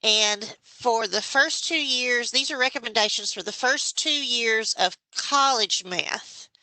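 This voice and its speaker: A woman giving a measured, explanatory presentation to a state education board as a committee member. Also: a little high, pushed and bright, no echo, low-quality recording. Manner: explanatory, measured, with some restarts. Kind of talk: formal presentation.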